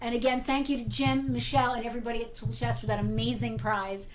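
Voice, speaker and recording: Chatty woman with a higher voice. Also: level tone, fast talker, a crowd in the background. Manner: chatty, laughs often, reads viewer comments aloud. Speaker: toy store co-owner hosting a livestream. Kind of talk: casual livestream chat.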